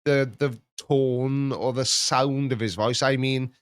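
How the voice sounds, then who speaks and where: A man's voice: mid-range voice, steady tone, slow pace, clear, resonant tone, dry recording, clean studio sound. A middle-aged man with a Welsh accent, rambling through a casual chat and dropping in plenty of yeahs as he hosts. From Wales. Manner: chatty, rambling, lots of yeahs. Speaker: channel host.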